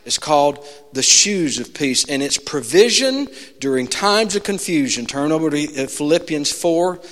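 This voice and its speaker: A man preaching a sermon as a pastor, telling stories with lots of animation and swinging between hushed tones and shouts. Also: a little high, lively intonation, moderate pace. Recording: long reverb of a large hall.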